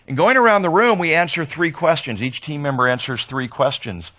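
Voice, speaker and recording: A man giving a conference talk as a trainer, conversational and animated, often checking in with "right?". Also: a little high, brisk. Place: conference hall.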